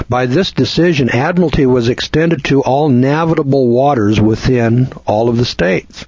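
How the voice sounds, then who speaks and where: Blunt, husky male lecturer. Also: medium pitch, lively intonation, moderate pace, darkish tone, no echo. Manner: blunt, scornful, rambling with restarts. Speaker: seminar lecturer. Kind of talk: folksy lecture. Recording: dull lo-fi recording.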